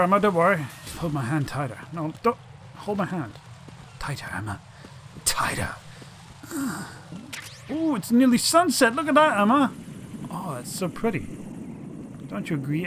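A man's voice: sits high, fairly bright tone, slight background noise. A man doing let's play commentary, swearing and mock-dramatically teasing the game's characters.

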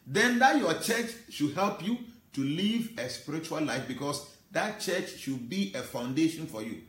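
Earnest high-voiced man preaching, echoey. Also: expressive, measured pace, fairly bright tone. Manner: emotional, earnest preaching with chanted Sanskrit verses. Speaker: spiritual teacher. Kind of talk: sermon.

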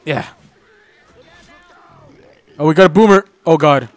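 A young man hosting a gaming channel, chatting casually and reacting excitedly while playing a co-op game with a friend. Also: a little high. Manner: excitable, joking, quick reactions. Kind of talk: casual co-op gameplay chat.

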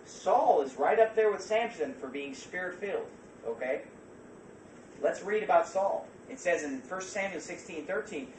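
A male pastor delivers a fiery sermon, dropping to near-murmurs and then rising to shouts. His voice sits a little high and carries from some distance off the mic. The church room rings around him with a faint hum of ambience behind. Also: lively intonation, normal speed. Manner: swings from quiet to shouting, fervent. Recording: echoey church from far off.

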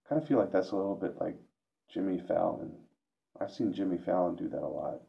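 A man's voice: low-pitched, a little fast, gravelly. A man vlogging a reflective monologue, hesitant and self-questioning, with frequent restarts. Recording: dull lo-fi recording.

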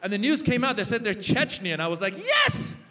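A man in his forties doing a stand-up comedy set on a festival stage. He tells his stories with animated character voices for the punchlines. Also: high-pitched, fast. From Iranian-American. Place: large festival stage with live translation.

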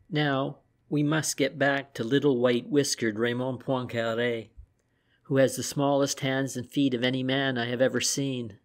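A man reading an old newspaper dispatch aloud as an audiobook narrator, at a measured, even reading pace. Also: mid-range voice. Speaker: audiobook reader.

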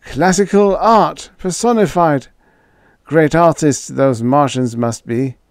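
A man playing a blustering, excitable TV boss. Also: fairly high pitch, slow pace, no echo, clean studio sound, voice pushed up. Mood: flustered. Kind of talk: audiobook character voice.

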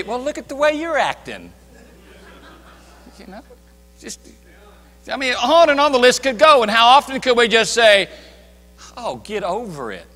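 A man preaching a sermon as pastor, emphatic, swinging between loud declarations and hushed asides. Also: very high-pitched, very animated, a little slow, long pauses, long reverb tail. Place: church sanctuary.

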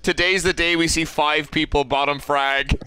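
A man's voice: fairly high pitch, steady tone, normal speed, background noise. A man hosting a gaming stream, talking casually with friends, crude and laughing often. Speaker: streamer and host.

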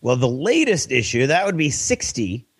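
A man co-hosts a podcast in casual conversation, halting and full of fillers. His voice has a middle pitch and is recorded close and dry. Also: sing-song, husky, dry recording. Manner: hesitant, halting, many fillers. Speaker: podcast co-host. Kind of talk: casual chat.

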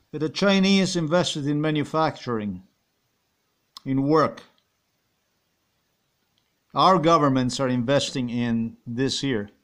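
A man's voice: medium pitch, slow, pauses often, a bit bright. A man with a Slovenian accent rambling and ranting in a monologue, swearing and firing off repeated rhetorical questions. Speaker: vlogger.

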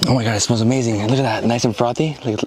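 A man making a casual, excited travel vlog outdoors at a camel farm, gasping and exclaiming as he films. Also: mid-range voice, noisy background. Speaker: travel vlogger.

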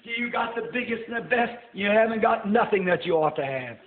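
An older man preaching a sermon in a church, folksy and rising to shouts. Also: high voice, expressive, brisk. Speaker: pastor. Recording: tinny roomy old sermon tape.

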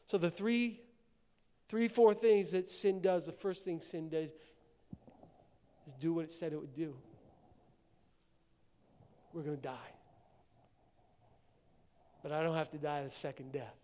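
A male pastor preaching a sermon, swinging from shouted declarations to hushed, low passages. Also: fairly even intonation, slow, pauses often. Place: church sanctuary. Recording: long church-hall reverb.

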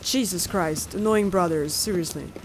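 A woman playing a story game and commenting in a loud, profane, exasperated way, with game music and gunfire behind her. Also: fairly low pitch, normal speed, a little hiss or hum. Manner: loud, swearing, exasperated outbursts. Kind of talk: profane let's-play commentary.

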